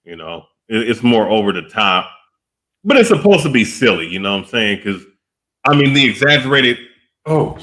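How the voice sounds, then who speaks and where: A man's voice: lowish voice, very animated, normal speed, fairly bright tone. A man co-hosting a casual wrestling debate, talking in loose, self-correcting sentences and often asking "you know what I'm saying?".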